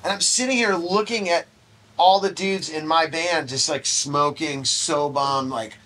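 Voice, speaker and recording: A man's voice: on the high side, measured pace, slight background noise. A middle-aged man telling a long anecdote in a casual interview, acting out the other people's lines and swearing freely. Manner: animated anecdotes, acts out quoted voices, swears casually. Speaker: interview guest. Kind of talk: casual storytelling.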